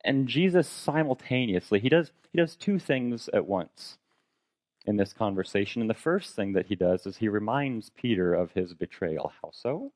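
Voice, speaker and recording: A man's voice: lowish voice, animated, moderate pace, darkish tone, no echo. Conversational male preacher, dry sound. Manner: conversational, rhetorical questions, dramatic retelling. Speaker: pastor. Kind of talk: sermon.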